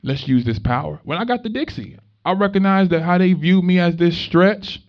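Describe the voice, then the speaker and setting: A young man giving a motivational talk to students, telling stories in an animated, conversational way with street slang. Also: high voice, normal speed. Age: young adult. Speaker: motivational speaker. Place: room with a live student audience. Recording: dull lo-fi recording.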